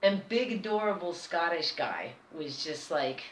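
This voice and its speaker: A woman with an American accent telling a personal story as a vlogger, animated and chatty. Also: fairly low pitch, measured pace. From United States. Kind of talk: casual storytelling. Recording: roomy echo.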